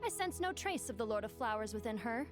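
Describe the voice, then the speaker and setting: An aloof, lofty desert spirit. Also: female voice, a little high, sing-song, quick pace, soft background music. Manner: formal, distant. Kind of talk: video game voice acting.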